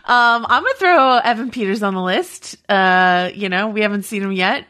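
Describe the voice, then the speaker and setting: A woman's voice: mid-range voice, measured pace, sharp tone. A woman co-hosting a podcast in casual chat, talking with lots of fillers and restarts. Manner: chatty, many fillers and restarts. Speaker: podcast co-host.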